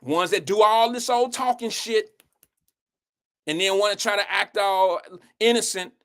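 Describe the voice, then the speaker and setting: A man hosting a live show, spinning an animated, profane story straight to his listeners. His voice sits a little higher than most men's. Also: unhurried, clean tone. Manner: animated, swearing storyteller who speaks to the audience directly. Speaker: show host.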